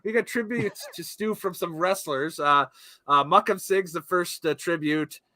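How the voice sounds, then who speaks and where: Man, podcast co-host, high bright voice, lively, laughs a lot, dry. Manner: laughs often, quick teasing remarks. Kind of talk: casual chat.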